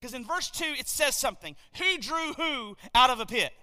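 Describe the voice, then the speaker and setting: A man preaching a sermon from a church podium, swinging from quiet passages to loud, emphatic declarations. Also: very high voice, expressive, normal speed, in a large hall. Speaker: pastor.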